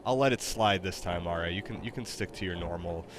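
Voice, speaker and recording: A very deep-voiced man chats casually on a livestream, rambling with plenty of fillers and restarts and laughing easily. His mic picks up clear background noise. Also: brisk. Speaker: game streamer.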